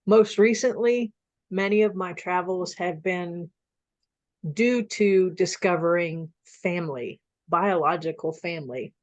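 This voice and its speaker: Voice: medium pitch, a little slow, no echo. Participant giving an upbeat impromptu talk, muffled dry video call sound. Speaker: workshop participant. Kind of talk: impromptu speech.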